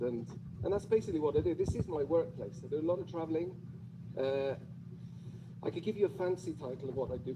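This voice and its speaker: A man's voice: medium pitch, noisy background. A man with a British accent giving a playful, chatty talk to an audience, often asking them questions. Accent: British English. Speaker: conference speaker.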